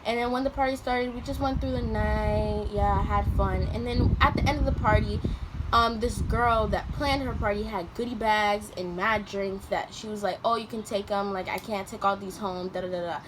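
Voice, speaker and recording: A young woman telling a story to her vlog audience in casual slang, acting out what people said with sudden loud jumps in pitch. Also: fairly even intonation, normal speed. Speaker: vlogger. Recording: noticeable background noise.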